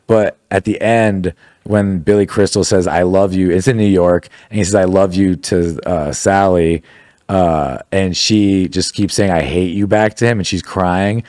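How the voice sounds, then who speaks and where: Low-voiced, laid-back rambling man. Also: fairly even intonation, measured pace, darkish tone, no room sound, studio quality. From United States. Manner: laid-back, rambling, heavy filler and profanity. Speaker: guest, business owner. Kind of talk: casual podcast chat. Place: podcast studio.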